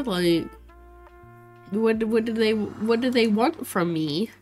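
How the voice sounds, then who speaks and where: Young woman streaming a game, slow talker, kinda high voice, gets all worked up, faint music behind. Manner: excitable, exclaiming and laughing often, chatting to viewers. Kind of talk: casual let's play commentary.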